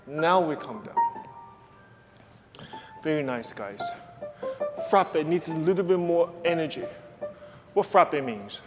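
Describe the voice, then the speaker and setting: A male ballet teacher leads a live class, counting and singing out cues in a fairly high voice at an unhurried pace. The sound rings in a big reverberant studio, with a piano playing underneath. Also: expressive. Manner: counts beats aloud and sings out cues over piano. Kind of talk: live dance class instruction. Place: large dance studio. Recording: echoey studio, piano music behind.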